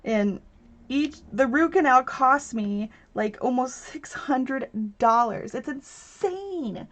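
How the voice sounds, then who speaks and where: A woman in her thirties talks slowly in a high-pitched, slightly bright voice while hosting a relaxed home craft livestream. She laughs and chats with viewers and reads their comments out, and the stream audio is dull and lo-fi.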